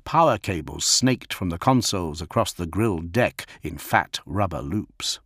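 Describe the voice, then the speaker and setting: A man reading an audiobook as narrator, steady and measured. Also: low voice, husky, no echo, clean studio sound.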